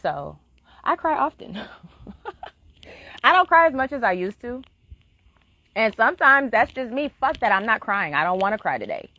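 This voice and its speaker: A woman's voice: fairly high pitch, big pitch swings, a little slow, long pauses, bright, forceful tone, dry recording. A woman talking frankly and earnestly in a live-stream monologue, swearing freely as she urges listeners. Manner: earnest, heartfelt encouragement. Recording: dull lo-fi, dry sound.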